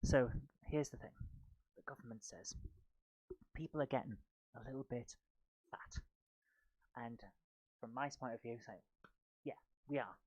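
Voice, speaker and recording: A woman's voice: a bass voice, fairly even intonation, unhurried, long pauses, darkish tone, dry recording. A woman doing a stand-up comedy routine in a comedy club, with sardonic, mocking asides.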